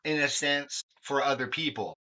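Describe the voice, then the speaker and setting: A young man hosts a podcast in a candid, rambling style, full of fillers and swearing. His mid-range voice has a sharp tone at a normal speed, and the lo-fi recording sounds dull.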